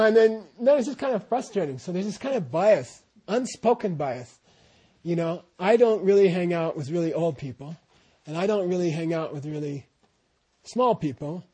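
This translator speaks in a high-pitched, mellow, slightly rough voice as he shares loose, digressive stories about his teacher with a group, keeping things casual and full of asides.

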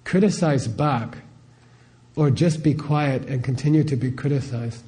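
A middle-aged man gives an informal spiritual talk in a dark, mid-range voice, speaking a little slowly. He keeps it conversational, often posing rhetorical questions and checking in with "okay?"

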